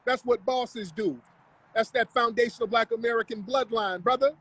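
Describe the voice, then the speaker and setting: A man's voice: very high-pitched, moderate pace, fairly bright tone, breathy edge, low-quality recording. A man hosting a livestream, talking in a confrontational, mocking, profane rant. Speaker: livestream host. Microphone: live stream mic.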